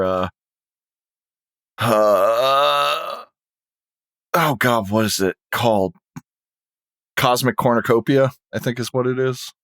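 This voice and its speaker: A man's voice: mid-range voice, a bit bright, no echo. A man co-hosting a podcast in casual chat, laid-back and rambling with lots of fillers. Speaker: podcast co-host.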